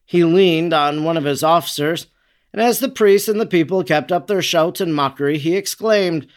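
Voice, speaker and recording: Male reader for a solemn devotional reading, slightly high voice, unhurried delivery. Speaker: narrator. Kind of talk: reading a devotional book aloud.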